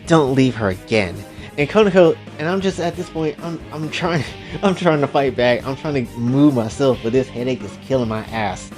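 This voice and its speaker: A man casually retelling his own story, animated and joking, with profane asides to his listeners. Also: mid-range voice, normal speed, soft background music.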